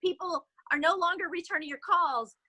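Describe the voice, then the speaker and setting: A woman sales director telling a motivational story in an animated way, with fillers, on a video call. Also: very high-pitched, moderate pace, no echo, poor audio.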